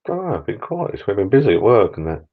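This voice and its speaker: Rambling middle-aged bloke, deep. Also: male voice, big pitch swings, fast talker, narrow, tinny audio. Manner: rambling, jokey, repeats words. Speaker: live stream host. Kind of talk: casual live stream chat. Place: backyard garden bar shed.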